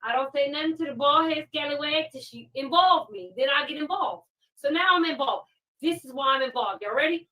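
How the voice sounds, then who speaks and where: A woman hosts a live stream in a high, bright voice, ranting with fiery energy and circling back to the same pointed questions again and again. Her voice sounds a little distant from the mic. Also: a little fast. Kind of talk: heated live-stream commentary.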